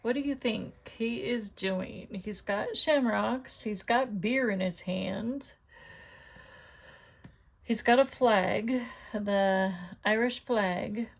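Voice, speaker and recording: A woman's voice: mid-range voice, slow pace, creaky. A middle-aged woman chatting casually while making cards, talking to herself and asking her viewers questions as she works. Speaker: card-making crafter. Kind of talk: casual crafting tutorial chat.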